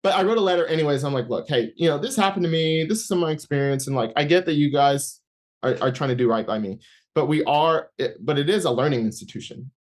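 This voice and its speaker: A young man giving an interview, telling a personal faith story in a casual, halting way full of fillers, restarts and acted-out inner dialogue. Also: a little high. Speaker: interview guest. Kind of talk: personal testimony in casual conversation.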